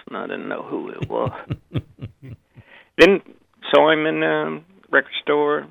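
An older Southern man tells his stories in a rambling way, chuckling and restarting his sentences. His voice is heavily gravelly and full of fry. It comes over a dry, tinny phone line. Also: a little high, animated, unhurried, long pauses, no room sound. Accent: Southern American. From Memphis, Southern US. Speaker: guest, actor and author. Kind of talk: relaxed anecdotal interview.

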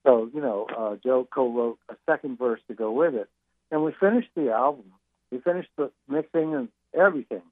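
A man's voice: medium pitch, brisk, no echo. Older man, interview guest by phone, loose talker full of "you know", tinny dry line. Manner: rambling, many fillers and restarts. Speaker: musician guest.

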